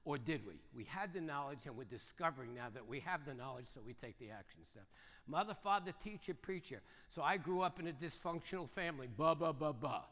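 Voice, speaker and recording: An older man giving a motivational seminar talk, speaking fast and punchy and keeping the audience engaged with quick questions. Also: fairly high pitch, animated, a bit bright. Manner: fast, punchy, keeps asking the audience "right?" and "yes or no?". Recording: long reverb of a large hall.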